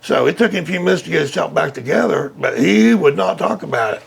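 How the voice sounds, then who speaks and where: A man telling a story as an interview guest, animated and loudly acting out quotes. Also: fairly high pitch, fast. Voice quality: gravelly. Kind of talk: casual storytelling.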